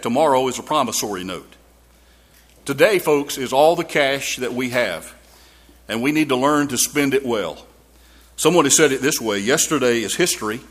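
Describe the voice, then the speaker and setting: A man's voice: medium pitch, a bit bright. A man preaching a sermon in a church, telling a folksy story with frequent restarts and repeated words.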